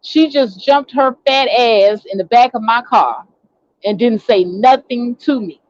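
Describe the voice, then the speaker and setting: A woman's voice: a little high, a little slow, darkish tone, no echo, lo-fi sound. A woman telling a story in a casual, indignant, ranting monologue, acting out what people said. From Chicago. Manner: indignant, ranting storyteller who acts out quotes. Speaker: online talk show host.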